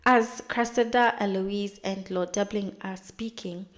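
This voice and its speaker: Woman vlogger doing a chatty episode recap, lively retelling, little acted bits. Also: mid-range voice. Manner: chatty, retells scenes with quick dramatized asides. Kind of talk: casual episode recap commentary.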